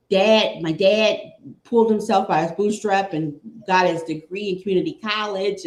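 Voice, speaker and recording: A woman from Cleveland chats about football as a guest, taking her time. She repeats her points with a die-hard fan's enthusiasm. Her voice rings in a roomy, echoing space, at a middle pitch. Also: a little mellow. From Cleveland, Ohio. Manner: chatty, repeats phrases, fan enthusiasm. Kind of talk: casual sports chat.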